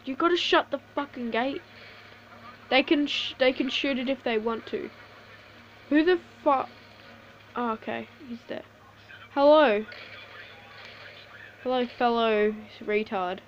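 High-voiced woman swearing through gameplay. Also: unhurried, pauses often, muffled recording, a little hiss or hum. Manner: swears a lot, laughs often, excitable reactions. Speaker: gameplay commentator. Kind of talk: casual live commentary over gameplay.

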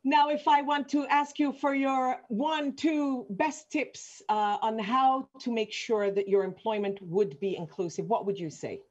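A woman's voice: on the high side, steady tone, unhurried, hardly any pauses, darkish tone, highs cut off. A woman moderating an online panel, asking questions in a friendly, encouraging way. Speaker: interviewer, session moderator.

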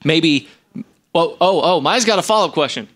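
A man with a fairly high, bouncy voice that swings widely in pitch. He jokes and cheers along with enthusiasm as a co-host. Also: expressive, moderate pace, a bit bright. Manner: jokey, enthusiastic. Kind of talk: casual interview chat.

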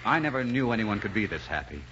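An actor playing an earnest young male composer in an old radio drama, shy and halting at first and then full of passion. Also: on the low side, sing-song, fairly bright tone, a little hiss or hum. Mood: tender. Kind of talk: 1940s radio acting. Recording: muffled old radio broadcast with music.

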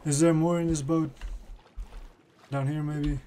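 A man narrates his own gameplay in an easy, rambling way, talking to himself and to the creatures on screen. His voice sits a little high for a man. Faint keyboard clicking stays under his talk. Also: flat delivery, a little slow, dark tone, a little hiss or hum. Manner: chatty, talks to himself and game creatures. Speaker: gamer streamer. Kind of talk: casual gameplay commentary.

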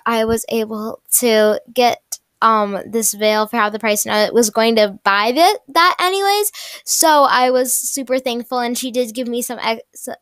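A young woman chats through her gameplay in a smooth, fairly high voice. She is excitable and gushing, repeating herself and restarting her sentences. The sound is dry and close. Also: dry recording. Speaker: gaming YouTuber. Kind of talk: casual gameplay commentary.

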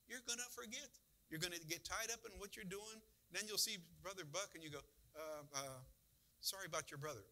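A man's voice: high voice, pushed and bright, rough recording. A man pastor giving a folksy, conversational sermon with emphatic bursts.

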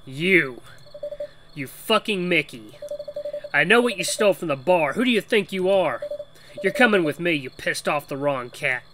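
A man voicing a menacing male cat enforcer in a video game, loud and threatening. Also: on the high side, animated, normal speed, background noise, lightly acted.

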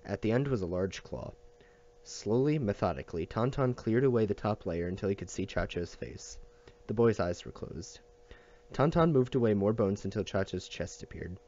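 A man reading a novel aloud at a steady pace, with small slips and restarts. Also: lowish voice, normal speed, dull audio. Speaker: audiobook reader.

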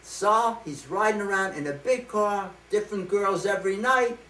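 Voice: mid-range voice, normal speed, pushed and bright. Chatty joke teller in an echoing room. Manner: chatty, checks in with "okay?". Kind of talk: telling a joke to a live group. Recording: roomy, from far off the mic.

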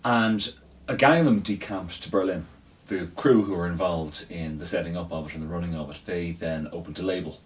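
Man, very low voice, casual chat, swears, fillers, slightly distant mic. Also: brisk. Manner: chatty, swears freely, trails off with fillers. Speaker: co-host recommending weekend events.

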